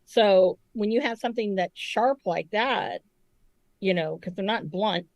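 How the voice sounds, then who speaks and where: A woman's voice: mid-range voice, a little slow, no echo, highs cut off. A woman co-hosting a podcast, telling stories in casual chat with lots of profanity. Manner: animated, profane storytelling. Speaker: podcast co-host.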